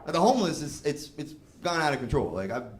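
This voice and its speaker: A man's voice: a little high, very animated, fast talker. Profane young male stand-up comic. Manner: casual, profane, loose and laughing. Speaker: stand-up comedian. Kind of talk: stand-up comedy set. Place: live comedy venue. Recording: roomy live venue with noise.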